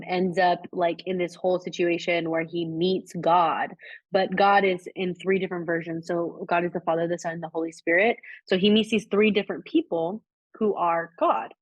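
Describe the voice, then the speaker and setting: On the low side and fairly flat in pitch, this woman's voice moves at a normal speed. As a podcast co-host in a relaxed conversation about spiritual matters, she wanders from thought to thought, full of "likes" and restarts. The recording is dry and a bit dull.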